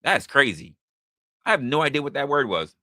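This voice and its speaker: A man's voice: medium pitch, moderate pace, no echo, studio quality. A man hosting a live stream, reacting to chat and telling a story with a lot of swearing, voicing the people in it, while he drinks. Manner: profane, animated storytelling with voiced quotes. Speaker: podcast host.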